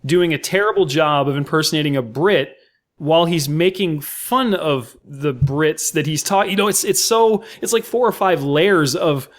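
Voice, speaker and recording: A man's voice: a little high, normal speed. An American man, a podcast co-host, talking about a film with enthusiastic, effusive praise and many fillers. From United States. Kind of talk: casual film discussion.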